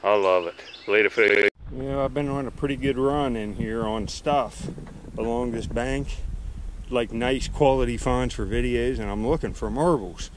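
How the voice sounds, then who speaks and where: A man vlogging while he digs for old bottles at a dump in the woods, out of breath, excitedly marveling aloud at what he finds. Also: medium pitch, moderate pace. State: out of breath in the heat. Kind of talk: casual narration while digging. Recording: outdoor ambience noise.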